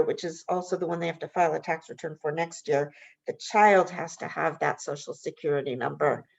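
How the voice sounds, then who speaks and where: A woman on a video call, calmly explaining eligibility rules to webinar attendees in a clear, matter-of-fact way. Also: mid-range voice. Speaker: panelist giving tax guidance. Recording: dull lo-fi call audio.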